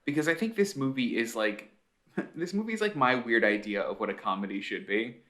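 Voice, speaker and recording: A man co-hosting a casual podcast chat, telling stories in a lively, animated way. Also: mid-range voice, fairly quick. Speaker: podcast co-host.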